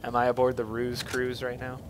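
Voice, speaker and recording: A man giving goofy, self-mocking commentary while playing a video game, jumping to silly high yelps. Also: monotone, fairly quick, background noise. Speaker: let's play gamer. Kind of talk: joking gameplay commentary.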